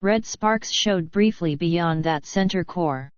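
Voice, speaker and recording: A woman narrating an adventure novel in an audiobook with a steady, measured reading. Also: fairly low pitch, no echo, dull audio. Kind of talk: scripted narration.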